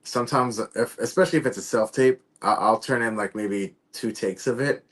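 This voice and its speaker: A man's voice: medium pitch, normal speed, fairly bright tone. A man in casual chat, an actor sharing his own audition stories in an easygoing way and chuckling along.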